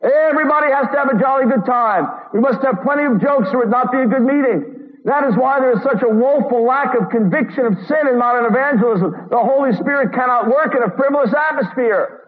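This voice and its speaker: A man with a very high voice preaches an earnest, urgent sermon. He reads quotes aloud and slips in sarcastic asides. The sound is a thin, phone-like radio broadcast with long hall reverb. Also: a little fast.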